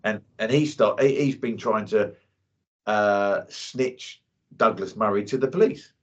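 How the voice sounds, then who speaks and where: A man with a fairly low voice holds forth in a casual chat. He talks bluntly and keeps dropping "you know" between his points. The audio is dull and lo-fi. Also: measured pace. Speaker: co-host.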